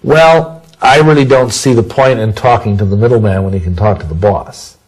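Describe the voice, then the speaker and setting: Man, low husky voice, rambling interview answers, folksy sayings, frequent restarts. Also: normal speed, low-quality recording. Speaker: interview guest. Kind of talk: conversational interview testimony.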